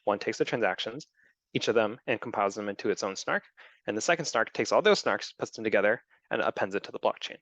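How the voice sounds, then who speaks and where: A man's voice: lowish voice, fast, a bit bright, dry recording, dull audio. A man giving a technical talk, explaining step by step with frequent ums and restarts. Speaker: presenter. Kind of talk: technical talk with audience questions.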